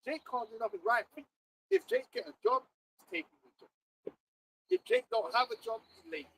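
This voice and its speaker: A man with a London accent, preaching and chatting in an animated group talk, often laughing and mimicking others. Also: very high-pitched, a little fast, creaky, a little hiss or hum, poor audio. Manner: animated, laughing, mocking voices. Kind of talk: casual group discussion.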